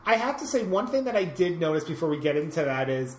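A woman's voice: sits low, very animated, fast, darkish tone, echoey room, slight background noise. A woman co-hosting a casual podcast about movies, enthusiastic and rambling, often laughing, with her microphone set far away. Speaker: podcast co-host.

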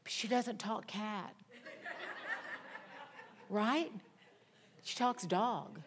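A woman's voice: mid-range voice, very slow, pauses often. A woman preaching a sermon, speaking in emphatic, declarative phrases and mixing in humorous stories.

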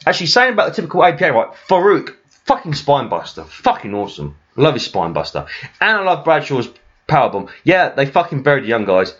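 A man on a casual podcast rants and swears with a lively, slightly high voice. His pitch swings up and down a lot. The recording is dull and lo-fi. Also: fairly quick. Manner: profane, ranting, animated. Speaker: podcast co-host. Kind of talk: casual chat.

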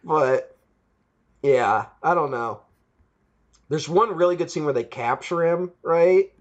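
A fairly high-pitched man takes his time talking about a film as a podcast co-host. He rambles in casual review mode, chuckling and acting out quotes, and the recording is muffled.

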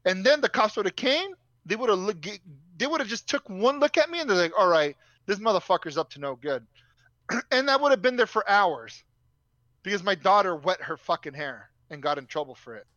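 A man's voice: high-pitched, lively intonation, fairly quick, pushed and bright, dry recording, muffled recording. A young man telling a story in a casual, profane, ranting way.

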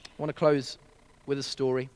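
A man preaching a sermon at a child dedication service, an earnest storyteller who speaks gently and directly to the congregation. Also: medium pitch, flat delivery, moderate pace, long reverb tail.

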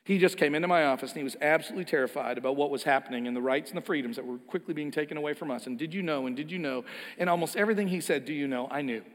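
A man delivering a sermon from the pulpit, his voice sitting a little high for a man. He pushes his points with emphasis and repetition, rising and falling in force. The sound has the long reverb of a large church hall. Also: racing, few pauses. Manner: emphatic, swings between soft and loud, repeats words. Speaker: pastor.

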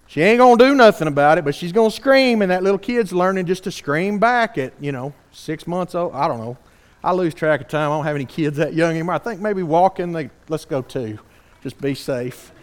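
A man preaching a sermon, earnest and animated, asking the congregation rhetorical questions. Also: fairly high pitch, brisk.

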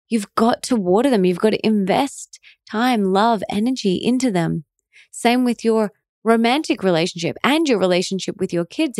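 A woman's voice: medium pitch, a little mellow, dry recording. Woman, thirties, motivational podcast host, heartfelt and encouraging, dry close-miked sound. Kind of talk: motivational monologue.

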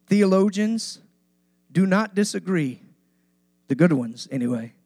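A man with a high, bright-sounding voice preaches to his congregation, hammering his lines through repetition and climbing emphasis. The sound is close and dry, with no room around it. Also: lively intonation, measured pace, no echo. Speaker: pastor. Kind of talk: sermon.

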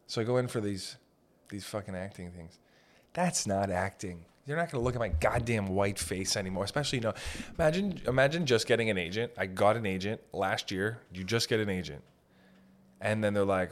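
A man's voice: on the low side, expressive, fairly quick. Rambling, swearing comedic male podcaster. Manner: meandering, self-deprecating, swears casually, breaks into loud mock shouts. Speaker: podcast host.

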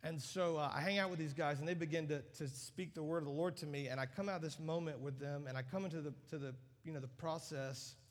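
A man preaches to a large congregation, his fairly high voice climbing into loud emphatic peaks. The sound carries the long reverb of a big auditorium around him. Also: fairly even intonation, quick pace, hardly any pauses. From United States. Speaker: guest preacher. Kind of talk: sermon.

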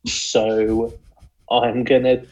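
A man co-hosting a casual chat in a wry, indignant way, thinking out loud. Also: medium pitch, level tone, extremely slow, rough recording. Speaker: co-host.

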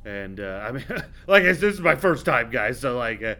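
A man's voice: medium pitch, sing-song, moderate pace. A man improvising a petulant, whiny airline captain on his first flight in an improv comedy scene. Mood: fussy. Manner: whiny, indignant, swings to shouting.

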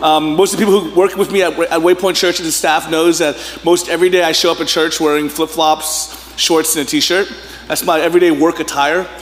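Fairly quick and level in tone, this thirtysomething pastor's voice sits on the high side as he preaches in a church sanctuary. He tells joking, casual stories and frequently bursts into laughter, with the hall's echo and faint room noise around him.

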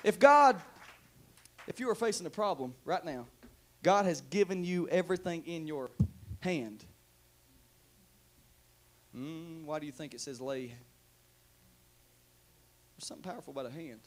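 A male pastor preaching to a church congregation, moving between hushed talk and shouted calls for the room to answer back. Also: on the high side, normal speed, pauses often. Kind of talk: sermon.

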